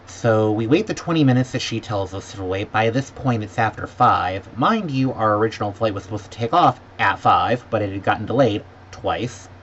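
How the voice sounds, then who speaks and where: A man in a vlog ranting sarcastically about a bad trip, sometimes mimicking staff in a higher voice. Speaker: vlogger. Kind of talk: exasperated travel rant. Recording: dull lo-fi audio with faint background noise.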